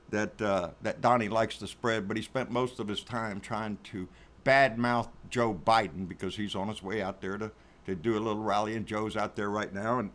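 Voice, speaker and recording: A man's voice: fairly high pitch, a bit bright. Sarcastic, profane man ranting. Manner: sarcastic, profane, emphatic repetition. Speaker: political commentary host. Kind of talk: casual political commentary rant.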